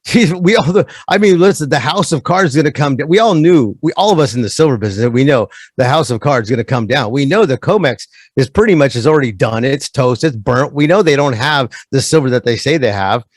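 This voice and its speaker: A man's voice: medium pitch, lively intonation, brisk, hardly any pauses, no room sound. A man who is a guest on a casual podcast, talking animatedly and slipping into mocking voices of other people.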